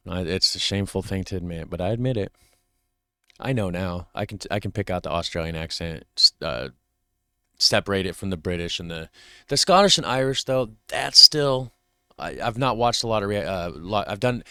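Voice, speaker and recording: A man's voice: deep voice, fairly quick, bright, forceful tone, smooth, no room sound. An American man hosting a reaction video, chatting casually and restarting his sentences as he thinks aloud. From United States. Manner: chatty, trails off and restarts mid-thought. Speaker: reaction host.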